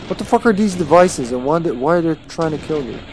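A man's voice: on the high side, lively intonation, fast talker, a little mellow, slight background noise. Chatty man swearing through gameplay. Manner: chatty, swears freely, yelps at hits. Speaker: streamer. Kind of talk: casual gameplay commentary.

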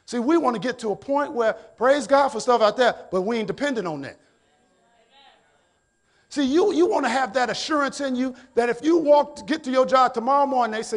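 A male pastor with an American accent preaching a sermon, often shouting and stretching out his words. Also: extremely high pitch. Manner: preaching with shouted, drawn-out exhortations. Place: church sanctuary.

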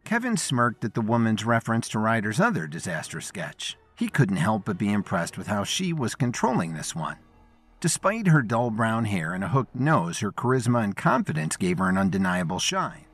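Low-voiced, expressive male storyteller. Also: normal speed, breathy edge, faint music behind. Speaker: narrator. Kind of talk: scripted story narration.

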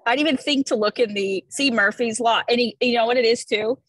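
A woman's voice: on the high side, fairly quick, a bit bright, dry recording, rough recording. A woman hosting a casual video call, presenting the week's content playfully and enthusiastically with jokey asides. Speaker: host presenting weekly social media content.

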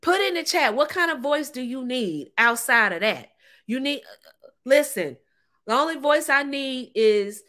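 A woman talks to her viewers in a sassy, emphatic way. Her voice sits a little high and rings very bright. She laughs often and calls her audience ladies and honey. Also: lively intonation, measured pace. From United States. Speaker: relationship advice vlogger. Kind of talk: casual talk to camera.

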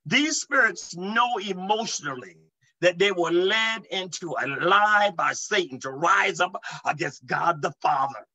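A man preaching to an online audience in a high, bright voice, emphatic and repetitive, often checking that his listeners are with him. He moves between relaxed asides and rising, forceful declarations. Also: a little slow, rough recording. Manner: emphatic, repeats "amen" and asks the audience to respond. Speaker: preacher, deliverance minister. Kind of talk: sermon teaching to an online audience.

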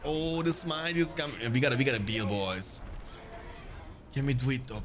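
A man giving live commentary on his own strategy game as a streamer, addressing viewers as "boys" and swinging from muttering to yelling at the screen. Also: mid-range voice, moderate pace, pauses often, background noise. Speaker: gaming streamer.

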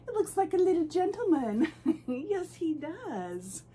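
A woman hosting her doll channel, who gushes with excitement and coos to her dolls. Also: extremely high pitch, slow pace. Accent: American. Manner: gushing, excitable, lots of "oh my goodness"; baby talk to her dolls. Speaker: reborn doll channel host. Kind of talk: unboxing vlog chat.

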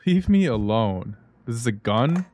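A man's voice: mid-range voice, very animated, unhurried, a little mellow. A man giving let's-play commentary on a horror game, talking to himself and breaking into startled yelps and gasps. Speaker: gaming YouTuber. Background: game music.

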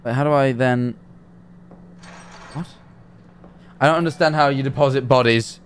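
A man's voice: medium pitch, normal speed, slight background noise. Jumpy, swearing young male streamer. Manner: jumpy, nervous, swears often, talks to himself. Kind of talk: live gameplay commentary.

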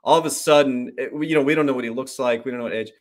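A man at a middle pitch tells a travel story on a casual livestream. He acts out what people said in short quoted bits. He swears freely as the story goes on. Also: very fast. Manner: swears freely, animated anecdote with quoted voices. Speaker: host.

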